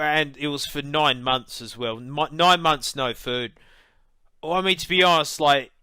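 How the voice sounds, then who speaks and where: A man's voice: on the high side, bright, forceful tone, clear, resonant tone, dry recording. An Australian man telling a stumbling, rambling comic story. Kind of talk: comic monologue.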